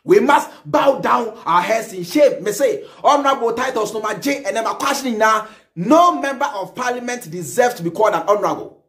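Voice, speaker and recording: High-voiced Ghanaian man ranting theatrically. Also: fairly quick, soft background music. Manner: animated, theatrical, repeats phrases in a sing-song way. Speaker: reaction channel host. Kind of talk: satirical ranting commentary.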